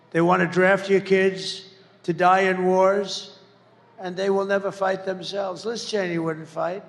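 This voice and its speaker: A man in his seventies giving a rambling, boastful campaign rally speech, repeating himself and breaking into shouts. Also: high-pitched, creaky, big-room sound. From United States. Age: 70s. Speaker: political candidate.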